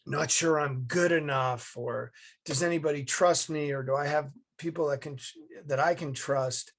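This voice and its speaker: Man, vivid storytelling guest, lively and punchy, over a video call. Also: mid-range voice. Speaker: guest, leadership advisor and former Navy SEAL. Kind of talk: storytelling interview answer.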